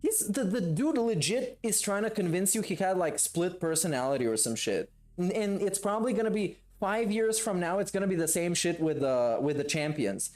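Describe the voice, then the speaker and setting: A male streamer giving live reaction commentary. He swears constantly and tears into his target with scorn, and his voice swings widely in pitch as he rants. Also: lively intonation, moderate pace, hardly any pauses, darkish tone. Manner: profane, mocking, scornful rants.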